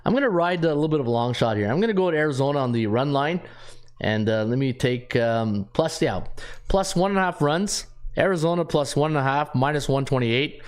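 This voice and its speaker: A man's voice: a little high, expressive, fairly quick, clear, resonant tone. A man hosting a sports betting show, running through his picks in a casual way, thinking aloud and reading off stats with lots of fillers.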